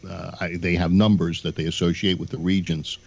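A man in a casual group chat, speaking haltingly with many fillers. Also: deep voice, level tone, vocal fry, husky. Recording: dull lo-fi recording.

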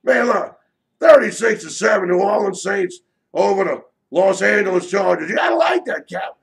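A man working as a sports betting handicapper, shouting a brash, profane sales pitch for his picks and repeating himself often. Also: lively intonation, normal speed, creaky. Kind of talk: loud promotional sales pitch.

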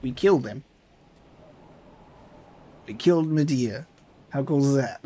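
A man commentating his own video game playthrough, excitable and panicky, swearing, yelping and laughing through a boss fight. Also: medium pitch, slow pace, long pauses. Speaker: gaming streamer. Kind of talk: live let's play commentary.

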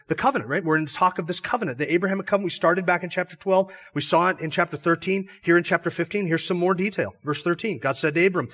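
A man's voice: a little high, a bit bright. A pastor preaching an expository sermon, explaining a passage step by step and asking his listeners rhetorical questions. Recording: church sermon audio.

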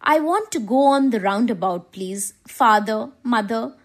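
A lost little boy calls out in a high, straining voice, close to tears and pleading. A woman acts him out while reading a storybook aloud. His cries come out slow and drawn. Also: animated.

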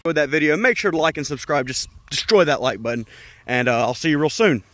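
A man's voice: fairly high pitch, fast talker, a bit bright, no room sound. A man vlogging about his exotic pets, rambling on and chatting to the animals as he goes. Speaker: exotic pet breeder and vlogger. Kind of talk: casual rambling vlog, walking around animal enclosures. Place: outdoors in a yard with animal pens, partly indoors at reptile tanks.

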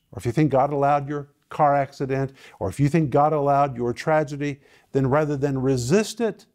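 A male preacher teaching a sermon, emphatic and repetitive, with sudden swings in loudness and pitch. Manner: emphatic, repeating phrases with sudden dynamic swings.

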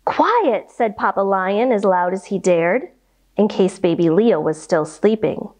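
A young adult woman leading a children's yoga storytime, reading aloud and giving playful movement cues with animal sounds. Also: mid-range voice. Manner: animated, slow, playful sound effects for kids.

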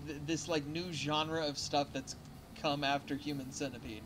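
A man running an online tabletop game as game master, reading rules aloud haltingly and laughing often. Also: a little high, steady tone, noisy background.

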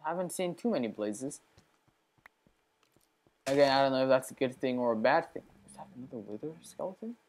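A gaming channel host gives a chatty let's play straight to her viewers, with sudden bursts of excitement. Her very deep voice is brisk but broken by long pauses, and there is a little hiss or hum.

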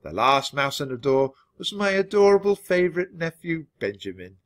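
Guy reading a kids' book aloud for english learners, super lively up and down voice. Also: fairly high pitch, moderate pace. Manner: expressive, animated storytelling. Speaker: storybook reader.

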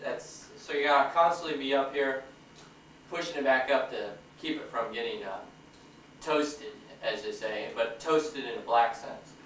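A home video maker chats and jokes to his own camera in a home kitchen, explaining each step as he goes. His medium-pitched, fairly bright voice is a little slow, captured by a 1994 camcorder's built-in mic that sounds roomy and distant with faint hiss.

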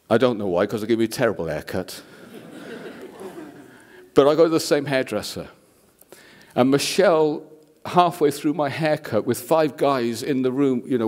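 A man preaching a sermon as a guest speaker, an animated storyteller who acts out the people in his stories. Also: mid-range voice.

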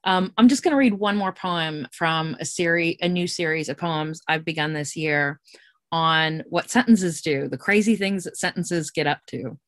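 An American woman poet reading her poems aloud in a measured, deliberate way. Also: sits low, a bit bright, dry recording. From United States. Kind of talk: poetry reading.

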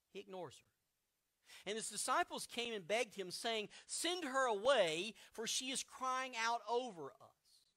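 A man's voice: sits high, bright, forceful tone. A man preaching a sermon as pastor, explaining scripture with vivid modern retellings.

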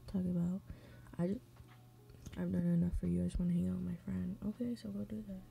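Here the same advice-show host sounds creaky and warm, her fairly low voice level in tone as she talks fast. Swearing freely, she reads stories and does her makeup, keeping up casual, blunt, profane chatter with the odd mumble under her breath.

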